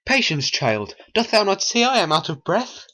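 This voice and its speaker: A man's voice: sits high, big pitch swings, moderate pace, pushed and bright, voice pushed up, exaggerated voice. A man voicing a fussy, exasperated older nurse in a homemade stop-motion animation.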